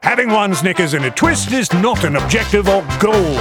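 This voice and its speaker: A man's voice: high voice, expressive, normal speed, over loud music. A man delivering a podcast disclaimer in a sing-song, mock-formal way.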